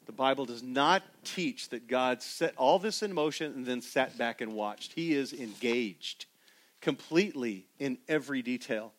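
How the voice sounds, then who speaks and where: A middle-aged man preaching a sermon as pastor, emphatic and building to loud peaks. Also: mid-range voice, unhurried.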